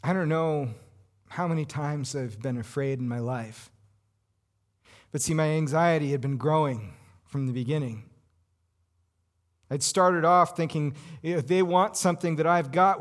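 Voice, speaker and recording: An actor playing an anxious Roman governor in a dramatic first-person monologue, intense and full of rhetorical questions. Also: male voice, fairly high pitch, close to an everyday voice. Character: anxious Roman governor, a cornered middle-aged man.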